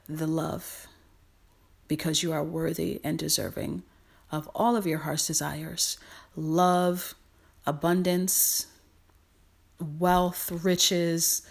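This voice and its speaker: A woman's voice: fairly low pitch, steady tone, slow pace, vocal fry, long pauses. A woman hosting a podcast, speaking in an affectionate, encouraging motivational monologue with lots of repetition. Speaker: podcast host.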